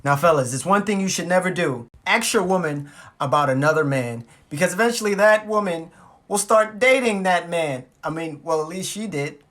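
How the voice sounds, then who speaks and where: A man telling a story on his vlog in an animated, profane, comic way. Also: on the high side, moderate pace. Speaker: vlogger.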